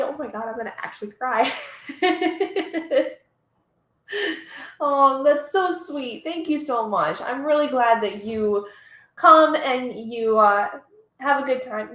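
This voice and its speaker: A woman's voice: high-pitched, lively intonation, takes it slowly, fairly bright tone, echoey room. A woman hosting a reading live stream, chatting casually, reading chat aloud and getting emotional and gushing.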